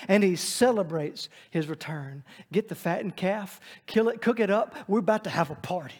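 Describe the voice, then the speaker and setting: A man preaching a sermon dynamically, swinging between loud emphatic lines and hushed ones. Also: high-pitched, animated, moderate pace, hardly any pauses. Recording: long reverb of a large hall.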